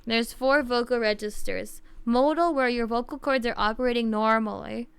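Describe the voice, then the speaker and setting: A woman's voice: fairly high pitch, fairly even intonation, normal speed, gravelly, clear, resonant tone, dry recording. A woman streamer chatting casually on a livestream, thinking aloud and rambling with lots of fillers.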